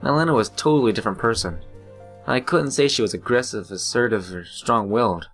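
A man hosting a let's play, reading a visual novel's narration aloud in a brisk, plain storytelling read. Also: mid-range voice, a bit bright, soft background music.

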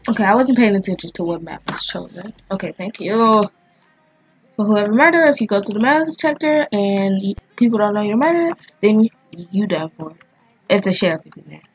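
A woman giving casual, excitable commentary as she plays a video game, chatting and thinking aloud as she goes. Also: mid-range voice, fairly quick, husky. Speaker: gaming channel host.

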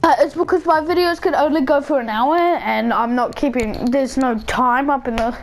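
A woman giving rambling, excitable live commentary over her own gameplay, bursting into shouts now and then. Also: sits high, moderate pace, slight background noise. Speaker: gaming channel host.

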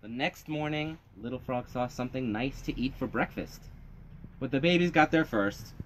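A middle-aged man hosting a library story time, reading a picture book aloud to children in an animated, sing-song way. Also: medium pitch, moderate pace, a little hiss or hum.

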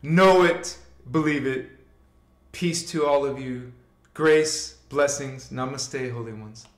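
Slow-talking man in an echoey room. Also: mid-range voice. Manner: casual, slangy, leads chants and affirmations. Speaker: spiritual livestream host. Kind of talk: live spiritual teaching and chanting.

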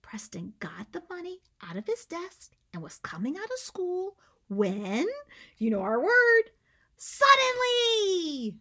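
A woman teacher reading a picture book aloud to children, animated, coaxing them to join in and dipping into whispers for suspense. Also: a little high, measured pace, breathy edge. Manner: coaxes listeners to join in.

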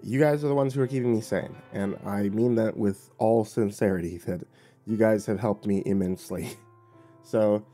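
A man narrating a horror story and hosting his channel, slowing to a dramatic hush on key lines. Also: lowish voice, soft background music.

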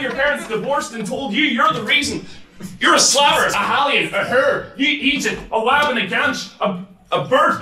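A man with a Northern Irish accent, performing battle rap and shouting taunting lines with bursts of laughter. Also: very high-pitched. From Northern Ireland. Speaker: battle rapper. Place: large hall with a live crowd. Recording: echoey hall, distant mic, loud crowd.

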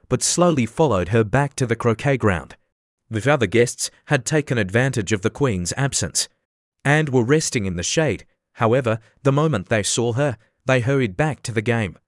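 Male storybook narrator, steady and even, mid pitch, dry. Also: no room sound. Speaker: audiobook narrator. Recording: dry close studio sound.

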